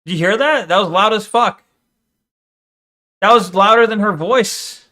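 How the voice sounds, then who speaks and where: A man's voice: high-pitched, unhurried, bright, forceful tone. A man streamer giving casual, crude reaction commentary, teasing and laughing often. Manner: crude, profane banter.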